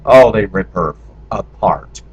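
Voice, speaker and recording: Husky American man telling his story. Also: on the low side, animated, takes it slowly. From United States. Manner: candid, talks through memories in long run-on stretches. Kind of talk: personal storytelling monologue. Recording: dull lo-fi recording.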